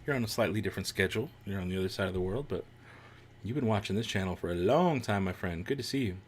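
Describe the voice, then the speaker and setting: A man hosts a casual live watch-along, talking to his viewers and reacting out loud as he goes. His voice sits fairly low but swings widely in pitch, and he breaks into laughter often. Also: animated, fast talker, a little hiss or hum. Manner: chatty, laughs often, reacts aloud to the show. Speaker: streamer hosting a watch-along. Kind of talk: casual live-stream chat.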